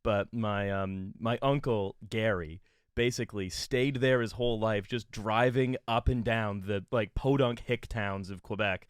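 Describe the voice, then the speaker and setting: A man from Canada, a comedy podcast co-host, telling a rambling story with halting restarts and frequent laughs. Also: fairly low pitch, clear, resonant tone, no echo, clean studio sound. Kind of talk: casual comedic chat.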